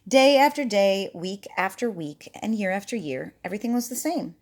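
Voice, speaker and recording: A woman's voice: medium pitch, expressive, moderate pace, a little mellow. Playful woman reading a picture book aloud. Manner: playful, chatty asides with the listening child. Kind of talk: storybook read-aloud to a child.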